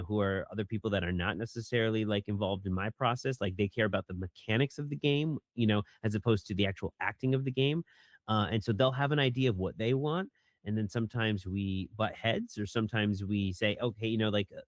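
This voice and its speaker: A man's voice: on the low side, fairly quick, no room sound. A man, a voice director and actor, answering interview questions in a rambling, casual way with many fillers. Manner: rambling, many fillers, acts out line readings.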